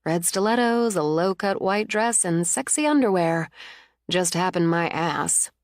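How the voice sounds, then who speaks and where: A woman's voice: lowish voice, animated, unhurried, dry recording, studio quality. A woman voicing a wry, angry jilted young woman. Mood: resolute. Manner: blunt, wry, resolute.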